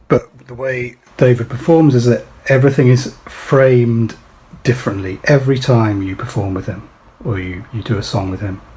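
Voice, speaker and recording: A man, a musician, reflecting in a thoughtful, hesitant way with frequent pauses. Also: mid-range voice, a little mellow, slight background noise, poor audio. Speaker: musician guest.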